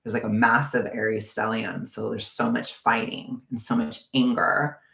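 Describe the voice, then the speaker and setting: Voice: medium pitch, little pitch movement, normal speed, creaky, sharp tone, reverberant. A vlogger ranting in a casual, profane, exasperated way.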